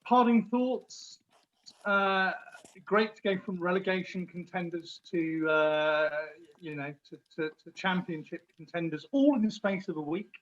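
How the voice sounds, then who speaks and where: High-voiced man from London, lo-fi. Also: moderate pace, fairly bright tone. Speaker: podcast guest. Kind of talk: casual roundtable chat.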